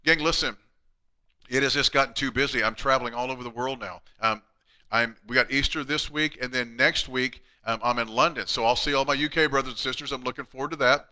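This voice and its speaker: A man's voice: medium pitch, fairly quick, bright, forceful tone. A middle-aged man, a chiropractor hosting a casual live Q&A, talking bluntly and chattily. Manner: blunt, chatty, reads out viewer questions.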